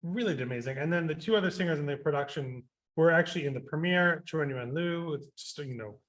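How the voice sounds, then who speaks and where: A man, a composer, talking in a radio interview, rambling with many fillers and restarts and getting animated when he quotes himself. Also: on the high side, fast talker.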